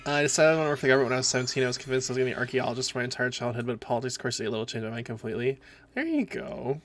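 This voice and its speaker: A man's voice: medium pitch, flat delivery, rapid-fire, a little hiss or hum. A man with a Minnesotan accent from the northern United States, chatting in a casual, rambling way while streaming a game. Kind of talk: casual live-stream chat.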